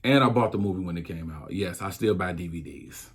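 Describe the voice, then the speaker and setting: A man with a deep, slightly rough voice hosts his own casual solo podcast, speaking slowly and reflectively with drawn-out phrasing and many restarts.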